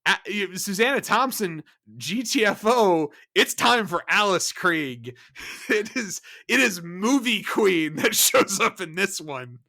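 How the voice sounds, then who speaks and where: A young man co-hosting a podcast, recapping an episode in animated, laughing chat and yelling out quoted lines. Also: sits high, takes it slowly, gravelly. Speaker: podcast co-host.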